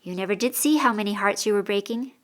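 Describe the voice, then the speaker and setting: Woman playing a gentle, teasing older sister. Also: medium pitch, quick pace, natural voice. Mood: coaxing. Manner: gentle and coaxing.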